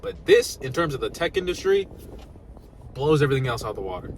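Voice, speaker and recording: A young man vlogging casually about new laptops, swinging between loud excitement and mumbled asides. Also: medium pitch, a little fast, a little hiss or hum. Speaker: tech YouTuber.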